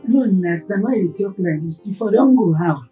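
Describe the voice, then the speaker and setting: A woman's voice: medium pitch, lively intonation, fast talker, dark tone, recorded from a distance, faint music behind, lightly acted, poor audio. An actress with a Nigerian Pidgin accent playing a girlfriend who argues back and defends her sister. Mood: puzzled. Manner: pleading, argumentative. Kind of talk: Nollywood film acting.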